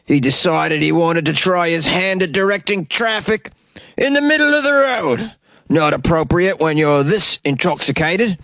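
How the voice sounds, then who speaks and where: A man voicing a stuffy English police inspector, in a put-on English accent and an officious, drawn-out manner. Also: fairly high pitch, creaky, fairly bright tone, no echo, studio quality, pitched above the performer's own voice. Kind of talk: comedic quote reading.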